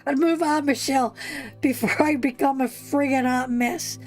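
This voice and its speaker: A woman's voice: high voice, fairly even intonation, normal speed, darkish tone, faint music behind. A woman from Canada giving an emotional live tarot reading, talking straight to her viewers in a heartfelt way. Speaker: tarot reader hosting a live stream.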